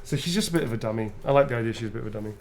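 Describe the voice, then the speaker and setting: A man's voice: medium pitch, racing, crowd noise. A man chatting casually and swearing freely as he teases his co-player. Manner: animated, swears freely, teasing. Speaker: co-host and game player. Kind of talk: casual chat while signing notes.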